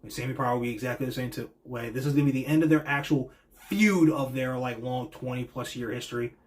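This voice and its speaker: A man with a medium-pitched voice talks fast as he hosts a show. It's a casual wrestling reaction monologue where he rambles through predictions, opinionated and heavy on fillers.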